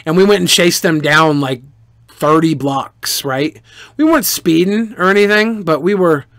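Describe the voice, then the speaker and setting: A man streamer answering viewer questions in casual, animated storytelling, profane and boastful. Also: fairly high pitch, normal speed, dry recording, clean studio sound.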